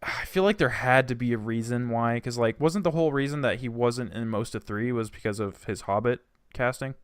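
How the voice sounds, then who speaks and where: A man co-hosting a casual gaming podcast, animated and trailing off quietly at the ends of thoughts. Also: medium pitch, fairly quick, clean tone, no echo, clean studio sound. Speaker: podcast co-host. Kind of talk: casual chat.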